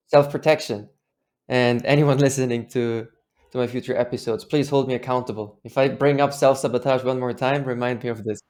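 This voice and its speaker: A man hosts a podcast interview with a voice of ordinary pitch for a man. His tone is friendly and easygoing, with a light, self-mocking humor. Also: darkish tone. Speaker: podcast host. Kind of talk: conversational interview.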